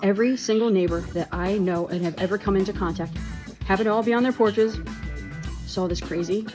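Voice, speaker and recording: A woman's voice: medium pitch, a little fast. A woman casually telling a comic story, laughing through her words and swearing now and then. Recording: roomy echo with faint music.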